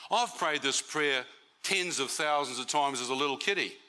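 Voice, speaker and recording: Bright-voiced man preaching. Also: on the high side, moderate pace. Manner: conversational, asks the audience questions. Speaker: preacher giving testimony. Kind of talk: testimony sermon. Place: church meeting.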